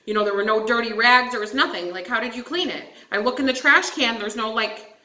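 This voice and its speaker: This young woman's voice is fairly high, bright, and pushed, and she talks a little fast. She's hosting a casual storytime vlog from an echoey room, telling her story with animation, swearing, and calling everyone "guys."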